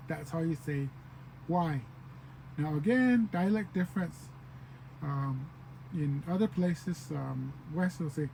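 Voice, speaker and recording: A man's voice: fairly high pitch, lively intonation, vocal fry, warm tone, slight background noise, poor audio. A man giving a casual language lesson, repeating each word several times and acting out short example phrases. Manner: repeats words slowly, acts out example phrases. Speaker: language teacher.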